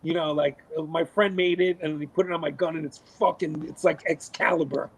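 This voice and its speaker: A middle-aged man, a podcast guest, telling stories in a casual, animated way, cursing freely and acting out what people said. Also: a little high, a little fast, husky, low-quality recording. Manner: animated, swears a lot, acts out quotes. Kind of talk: casual storytelling.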